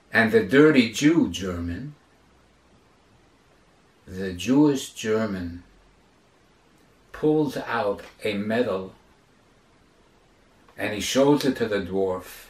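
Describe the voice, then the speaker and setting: Slow, dramatic man lecturing in an echoey hall. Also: medium pitch. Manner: dramatic, emphatic storyteller. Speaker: rabbi and lecturer. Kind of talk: lecture storytelling. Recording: roomy lecture hall, distant mic.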